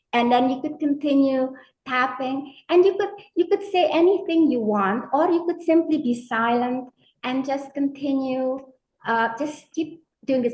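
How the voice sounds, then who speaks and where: A woman coach answering interview questions in a gentle, hesitant way, with lots of fillers. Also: on the high side, muffled recording. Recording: echoey room.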